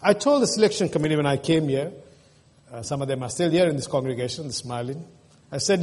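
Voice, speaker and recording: A man's voice: a little high, expressive, moderate pace, long pauses, darkish tone, slightly rough. A man preaching a sermon as pastor, earnest and emotional, asking his congregation questions. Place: church. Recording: long reverb in a church hall.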